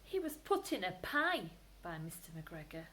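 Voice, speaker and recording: A woman's voice: fairly low pitch, big pitch swings, normal speed, bright, forceful tone, slight background noise. A woman voicing a caring but strict mother rabbit in a storybook, firm and warning in tone. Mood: stern.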